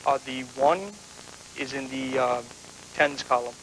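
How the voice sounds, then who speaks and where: A man's voice: mid-range voice, measured pace, a bit bright, a little hiss or hum, rough recording. A man in his twenties, a game show contestant answering the host in a laid-back, hesitant way.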